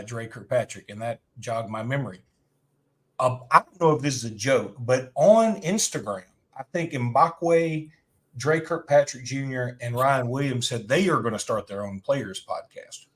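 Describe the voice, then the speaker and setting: A man from Alabama talking in a loose, chatty way on a sports podcast. He rambles through his stories and pokes fun at himself as he goes. His pitch sits in an ordinary middle range. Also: unhurried. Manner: rambling storyteller, self-deprecating. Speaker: podcast co-host. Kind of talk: casual sports chat.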